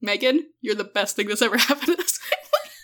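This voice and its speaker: A woman's voice: a little high, fairly bright tone. A tired woman co-hosting a casual history podcast, laughing often, swearing and acting out quotes. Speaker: podcast co-host.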